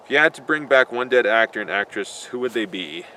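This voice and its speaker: A man rambles through viewer questions with a joking, profane looseness. His voice is bright and forceful, at an average pitch. Faint traffic sounds drift behind him outdoors. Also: a little fast. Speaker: vlogger answering viewer questions. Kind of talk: casual Q&A vlog. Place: outdoors in a built-up area.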